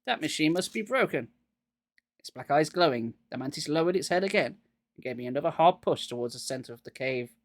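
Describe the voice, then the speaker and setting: A man's voice: mid-range voice, fast talker, no room sound. A man getting over a cold, reading a children's horror book aloud live and dropping wry jokes between passages.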